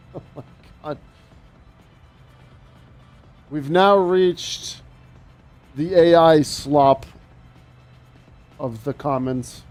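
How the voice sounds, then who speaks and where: A man's voice: on the high side, drawn-out words, long pauses, a little mellow, faint music behind. Chatty male flight sim streamer. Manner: chatty, laughs often, reads comments aloud. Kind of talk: live stream chat reading comments.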